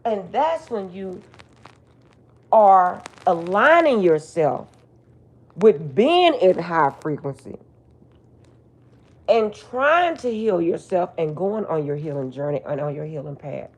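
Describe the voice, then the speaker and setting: A woman's voice: lowish voice, animated, slow pace, long pauses. Blunt, profane middle-aged woman. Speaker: spiritual reader. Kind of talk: casual storytelling monologue.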